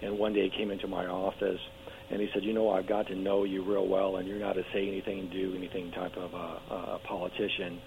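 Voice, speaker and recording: A man running for local office, talking eagerly in a radio interview, hoarse and losing his voice, with frequent restarts and fillers. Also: low-pitched, flat delivery, fairly quick, darkish tone. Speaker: political candidate guest. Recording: tinny phone line with faint hum.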